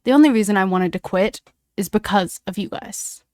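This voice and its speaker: A woman's voice: medium pitch, normal speed, a little mellow, no echo, clean studio sound, natural voice. A woman voicing a young male hockey player who pleads and then snaps back in anger. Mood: angry.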